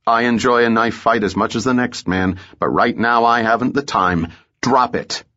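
A man voicing a calm, polite frontier detective with a dry, composed delivery, in a muffled audiobook recording. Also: medium pitch, moderate pace, close to an everyday voice.

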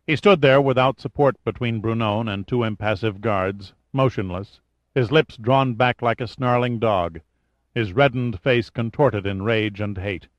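A man reading an audiobook in a measured storytelling manner, in a dull lo-fi recording. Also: fairly low pitch, no room sound. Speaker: audiobook narrator. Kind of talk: scripted narration.

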